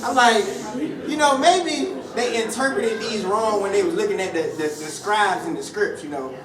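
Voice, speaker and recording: A man's voice: high-pitched, moderate pace. A man doing a stand-up set in a comedy club, teasing the audience in a brash, profane way. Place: comedy club stage before a crowd. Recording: roomy club sound, mic at a distance, loud crowd.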